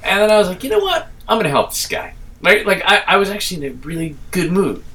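A man's voice: high voice, fast talker, bright, forceful tone, recorded from a distance, a little hiss or hum. A middle-aged man from Staten Island, telling a rambling, profane story in casual chat.

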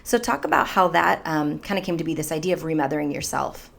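A woman's voice: low-pitched, fast, creaky. A woman co-hosting a podcast, asking her guest a question in a curious, conversational way. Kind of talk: casual interview conversation.

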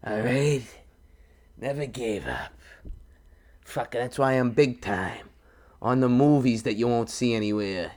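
A man's voice: medium pitch, measured pace, pauses often, darkish tone. A man co-hosting a podcast in crude casual banter, swearing and laughing often. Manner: profane, laughing, retells scenes with voices. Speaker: podcast co-host.

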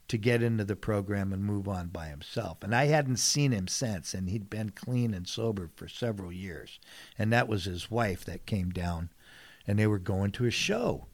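A middle-aged man from San Diego telling candid personal stories in conversation, earnest and emphatic, dropping to a hush and then rising loud. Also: fairly low pitch, no room sound. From San Diego, California. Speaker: guest, fisherman and TV personality.

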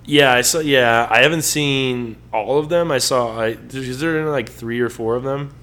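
A man's voice: mid-range voice, normal speed, a bit bright. A young adult man co-hosting a casual sports podcast, rambling and joking as he talks straight to his listeners. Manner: rambling, jokey, talks to the audience as folks. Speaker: podcast co-host.

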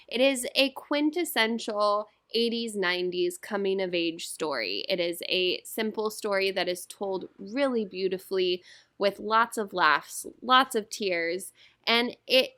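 Slow-talking bright woman co-host. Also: fairly low pitch, no room sound, studio quality. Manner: earnest, exclaiming, laughs easily. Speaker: podcast co-host. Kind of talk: casual podcast chat.

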